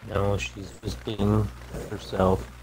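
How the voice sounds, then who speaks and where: A man's voice: lowish voice, monotone, takes it slowly, noisy background. A man playing along on a casual gaming stream, making dry, wry remarks. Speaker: stream co-player.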